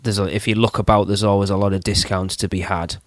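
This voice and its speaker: A man's voice: fairly low pitch, level tone, fast, no room sound, clean studio sound. A man co-hosting a theme-park podcast, chatting casually and giving practical tips. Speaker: podcast co-host. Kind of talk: casual chat.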